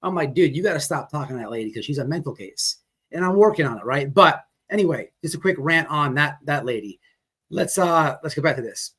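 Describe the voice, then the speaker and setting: A man's voice: a little high, expressive, fairly quick, fairly bright tone, husky. A man hosting a casual commentary show, talking bluntly and rambling into ranting asides. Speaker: commentary host reacting to a livestream. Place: on a fast-food restaurant's wifi.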